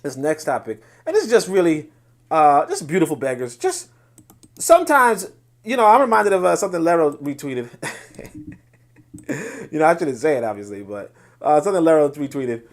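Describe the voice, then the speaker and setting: Male podcast host, high voice, emphatic lecturing commentary. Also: sing-song, moderate pace, pauses often. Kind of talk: solo commentary on social media posts.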